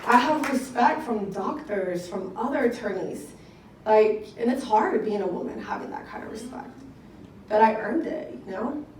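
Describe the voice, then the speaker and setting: A young woman giving an excited, conversational testimonial speech to an audience at a business event and talking to them directly. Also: on the high side, moderate pace, a little hiss or hum. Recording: echoey room picked up from a distance.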